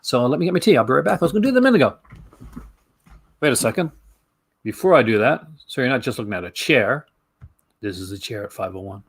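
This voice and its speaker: A man chats casually to camera as the host of a film review channel. His talk is rambling and chatty, his pitch sits in an ordinary middle range, and he laughs easily between thoughts. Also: fast talker, creaky, fairly bright tone, husky.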